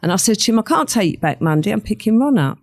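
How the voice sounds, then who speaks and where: An older woman tells a story from her own life to a podcast host. She talks in a lively, vivid way and slips into the voices of the people she quotes. Her voice sits at an ordinary pitch for a woman. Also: quick pace. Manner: vivid storyteller who acts out what others said. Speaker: podcast guest. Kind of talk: recounting a personal story in conversation.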